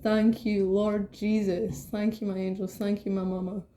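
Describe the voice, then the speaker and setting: A woman talks through a tarot spread to camera in a loose, rambling way, swearing freely and bubbling over with excitement. Her voice has a mellow, darker tone at a middle pitch. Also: normal speed, a little hiss or hum. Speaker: tarot reader. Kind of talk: casual tarot reading to camera.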